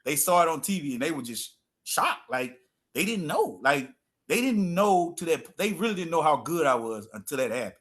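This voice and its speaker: A man's voice: fairly high pitch, very animated, normal speed, a bit bright. A middle-aged man, a former football player telling stories as a guest in a casual interview and repeating phrases for emphasis.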